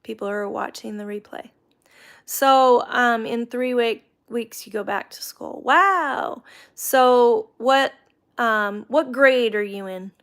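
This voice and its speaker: Woman livestream host, middle-aged, slow unhurried talk, gravelly edge, reads chat comments aloud. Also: on the high side. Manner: warm, faith-talking, reads viewer comments aloud.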